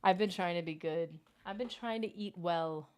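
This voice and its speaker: A young adult woman hosting a casual gaming livestream, chatty and excitable, reading chat aloud and reacting. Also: lowish voice, normal speed, clear, resonant tone. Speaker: livestream host.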